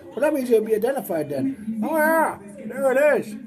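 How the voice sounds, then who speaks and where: A woman's voice: fairly high pitch, big pitch swings, moderate pace, a crowd in the background. A woman giving goofy, exclamatory gameplay commentary and putting on voices for places, with faint music behind.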